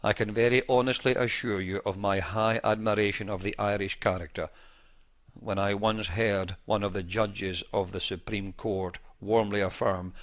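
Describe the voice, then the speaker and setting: A man reading a 19th-century pastor's first-person account aloud in a measured, formal, old-fashioned manner. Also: on the low side, steady tone. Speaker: reader.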